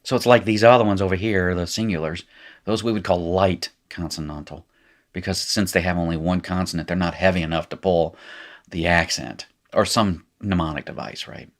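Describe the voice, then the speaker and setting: Deep-voiced Appalachian man teaching. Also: fairly even intonation, moderate pace. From North Carolina. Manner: casual, self-correcting explainer who laughs at his slips. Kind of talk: recorded lecture.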